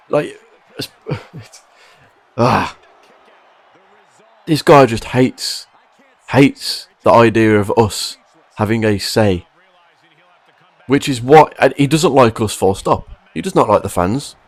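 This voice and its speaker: This wrestling commentary vlogger is exasperated, pressing his points with repetition and disbelief in a frustrated, emphatic rant. He speaks at an ordinary middle pitch, recorded close and dry with no room sound.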